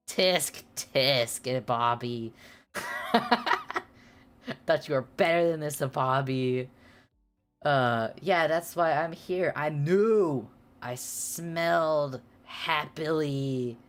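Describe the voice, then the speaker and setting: A woman's voice: low voice, drawn-out words, long pauses, faint music behind. A woman streamer reading a fanfic aloud for laughs, often breaking into amused asides and hamming up the character lines. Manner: playful, exaggerated delivery of character lines. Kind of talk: comedic dramatic reading with asides.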